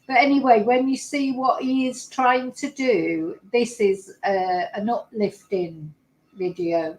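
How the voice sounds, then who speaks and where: A woman with a fairly high voice chats live to her viewers as she reacts to clips. She talks in an emotional, exclaiming way. The sound carries a noticeable room echo. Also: expressive, a little slow. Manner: emotional, exclaiming, tearful at moments. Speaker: YouTuber reacting to videos. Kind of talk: live casual commentary to viewers.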